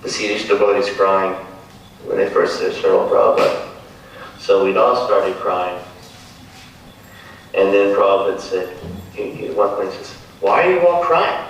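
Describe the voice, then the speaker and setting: A man's voice: sits low, flat delivery, moderate pace, vocal fry, pauses often, slight background noise. Man reminiscing in an echoey room. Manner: storytelling, acts out quoted lines, chuckles. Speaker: devotee speaker. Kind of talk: reminiscing talk. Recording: echoey room, distant mic.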